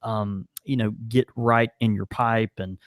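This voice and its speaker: In a clean studio with no room sound, this man's fairly low voice moves a little slowly as he co-hosts a podcast. His casual chat is animated and rambling, packed with fillers.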